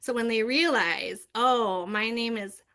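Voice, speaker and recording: Bright, chatty woman educator. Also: a little high, unhurried. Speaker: youth services manager and former preschool teacher. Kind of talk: casual conversational explanation.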